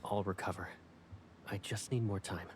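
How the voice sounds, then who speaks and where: A man voicing a gravelly, guarded young man. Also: sits low, steady tone, moderate pace, slight background noise, lightly acted. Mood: quiet devotion. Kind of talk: game voice acting.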